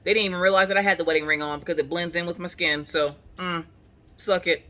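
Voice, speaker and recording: A woman's voice: fairly low pitch, steady tone, fast, pushed and bright. A young adult woman in a casual at-home chat, telling a story in a dramatic, comic way and acting out the people in it. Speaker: craft vlogger. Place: at home on a couch.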